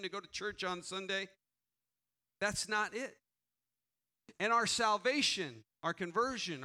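Man preaching as pastor: high-pitched, bright, earnest delivery with repeated questions. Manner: earnest, rhetorical questions, frequent restarts; prays quietly and slowly. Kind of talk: sermon.

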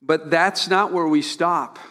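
A male pastor delivers a sermon in a slightly higher voice than most men. He talks to the congregation in an easy way, often repeats a word and asks rhetorical questions. A long reverb from the large hall trails after each phrase. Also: fairly even intonation, takes it slowly, bright, forceful tone. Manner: conversational preaching with repeated words and rhetorical questions.

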